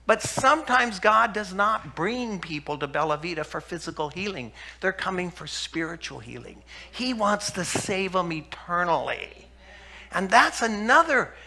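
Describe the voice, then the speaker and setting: Emphatic middle-aged man, gravelly and bright. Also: sits high. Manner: emphatic, urgent storytelling. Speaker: health speaker. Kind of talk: storytelling health talk with scripture.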